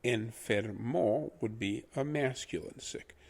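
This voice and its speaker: A man teaching pronunciation in a patient lesson, repeating each word slowly for the listener to copy. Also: medium pitch, creaky, darkish tone, husky. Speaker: language teacher.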